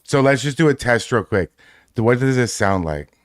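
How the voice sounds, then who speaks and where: A man's voice: mid-range voice, expressive, normal speed. A man co-hosting a live stream, joking around, laughing often and stammering over restarts. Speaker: streamer co-host. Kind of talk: casual live-stream banter.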